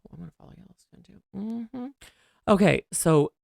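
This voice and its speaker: American guy hosting a chatty podcast, gravelly voice, dry close sound. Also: sits high, animated, moderate pace, no echo. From West Virginia. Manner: gushing, theatrical, pleading. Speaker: podcast host. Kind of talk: casual chat.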